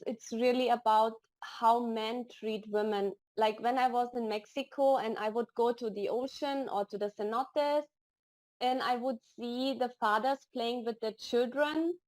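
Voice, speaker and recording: A woman's voice: fairly high pitch, darkish tone. A woman guest on a podcast, chatting casually and telling stories with emotion and enthusiasm. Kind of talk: casual interview chat.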